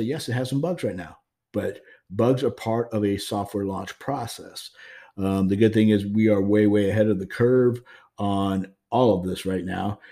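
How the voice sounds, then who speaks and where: Recording from home, a man hosts his podcast as a casual monologue, speaking frankly and rambling with lots of fillers and restarts. His voice is on the low side and warm.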